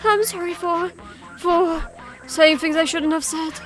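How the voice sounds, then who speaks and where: A scared fifteen-year-old boy who stammers and begs for forgiveness, read aloud by a woman. The voice stays high and shaky. Soft game music hums behind. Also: steady tone, measured pace. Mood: pleading. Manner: stammering, pleading. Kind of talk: reading game dialogue aloud.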